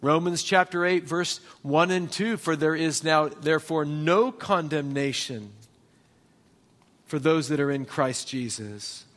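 A man's voice: on the high side, a little slow, fairly bright tone. A man preaching a sermon as a pastor, telling personal stories and asking the congregation questions.

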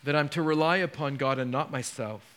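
A man preaching a sermon as a pastor, emotional and dramatic, dropping to hushed tones and rising again. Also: medium pitch, brisk.

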